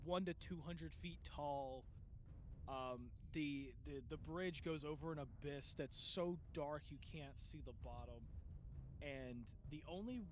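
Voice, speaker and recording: A man's voice: a little high, takes it slowly, a little hiss or hum. A man narrating as game master in a tabletop fantasy game, talking with fillers and restarts. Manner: hesitant, with many fillers and restarts.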